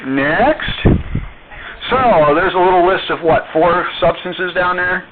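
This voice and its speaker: A man's voice: sits high, noisy background. A man teaching a chemistry class, quizzing his students as he goes. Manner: quizzing students, slow and deliberate. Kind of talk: classroom lecture with questions to students. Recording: tinny phone-like classroom recording.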